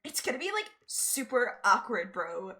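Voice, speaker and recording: A woman's voice: on the high side, big pitch swings, normal speed, bright, forceful tone. A woman voicing a laid-back young dad as a Valley Girl, with a drawling bro manner. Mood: upbeat.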